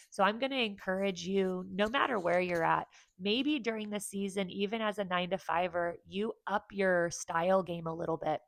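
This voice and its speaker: A woman's voice: fairly low pitch, creaky, no echo. A woman in her forties giving candid, earnest advice in a casual vlog from home. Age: 40s. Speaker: vlogger and therapist.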